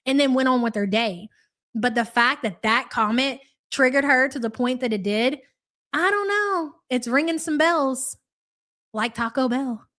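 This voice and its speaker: With a high, fairly bright voice, this woman hosts a live reaction stream at a measured pace, sounding animated. She offers sarcastic commentary and reads chat messages to her audience.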